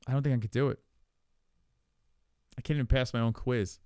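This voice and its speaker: A man's voice: mid-range voice, steady tone, a little mellow, no room sound. Swearing, muttering man, dry sound. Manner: swears a lot and thinks aloud, muttering; halting, with many fillers and repeats. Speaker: podcast host. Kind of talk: casual chat while playing an online quiz.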